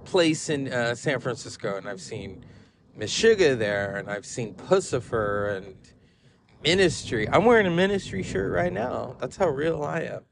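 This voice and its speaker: A man hosting a podcast, telling rambling stories in an animated way with frequent laughs. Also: mid-range voice, normal speed, creaky, a little hiss or hum. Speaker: podcast host. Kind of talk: casual rambling monologue.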